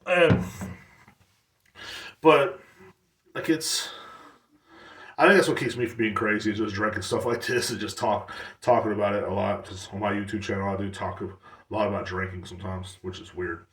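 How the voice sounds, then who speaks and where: A man's voice: lowish voice, moderate pace, pauses often, a bit bright, echoey room, recorded from a distance. A man in his thirties hosting a casual solo podcast, rambling and blunt, with lots of swearing. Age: 30s. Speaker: podcast host.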